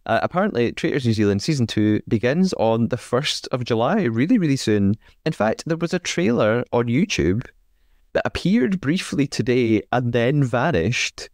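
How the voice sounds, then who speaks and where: A man's voice: mid-range voice, very animated, moderate pace, a little mellow, no echo, clean studio sound. A man hosting a chatty podcast, with a hesitant way of talking full of ums and uhs and easy laughter. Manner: filler-heavy, hesitant, laughs often. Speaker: podcast host. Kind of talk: casual chat.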